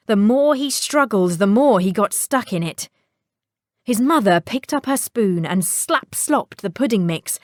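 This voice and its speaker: Lady reading a kids' storybook aloud, slow and super expressive, dry close sound. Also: medium pitch, no room sound. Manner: expressive, with sound-effect words.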